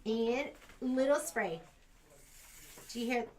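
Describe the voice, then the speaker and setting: A woman's voice: fairly high pitch, takes it slowly, very noisy. An American woman demonstrating machine embroidery in a sewing shop, chatting casually and thinking aloud as she works.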